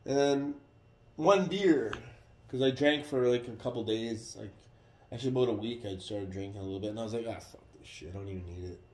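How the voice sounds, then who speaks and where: A man telling a story in a casual, profane, animated way. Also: lowish voice, brisk. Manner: profane, animated retelling with acted quotes. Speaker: vlogger. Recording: roomy echo.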